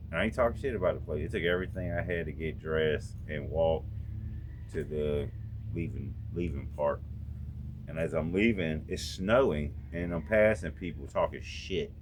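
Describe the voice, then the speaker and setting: A middle-aged North Carolina man with a bass voice tells a story from his own life in a raw, profane vlog monologue, speaking straight to his viewers. He's at his home out in the country, with slight background noise.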